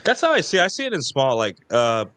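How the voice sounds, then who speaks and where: A man hosting a casual podcast chat, blunt and profane, mimicking others in high mocking voices. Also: huge pitch swings, brisk, a bit bright, no room sound. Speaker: podcast host.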